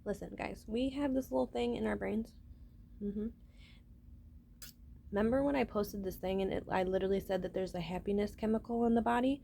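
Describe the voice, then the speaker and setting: A woman's voice: medium pitch, steady tone, brisk, gravelly, long pauses, mellow, a little hiss or hum. A woman talking to her viewers in a rambling, casual vlog monologue, swearing freely and often starting with "listen". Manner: rambling, profane, keeps saying "listen". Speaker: vlogger.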